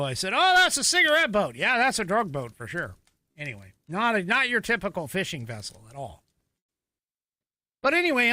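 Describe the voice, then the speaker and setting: Brief: middle-aged man, casual commentary host, self-correcting, bright and animated, dry sound. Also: a little high, no room sound. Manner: conversational, with frequent fillers and self-corrections. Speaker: podcast host.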